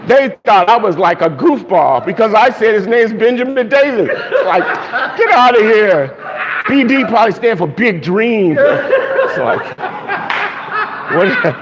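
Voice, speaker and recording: A man's voice: high-pitched, animated, measured pace. A man, a pastor, animatedly telling a funny dream story to his congregation, laughing and acting out the crowd. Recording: long reverb, dull lo-fi sound, faint noise.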